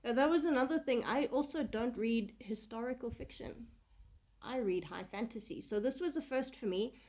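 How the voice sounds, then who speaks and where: A woman's voice: a little high, moderate pace, a little mellow. A woman chats casually on a book podcast, sharing her views with a giggly, self-deprecating manner. She hunts for words and laughs at herself along the way. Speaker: podcast co-host and reader.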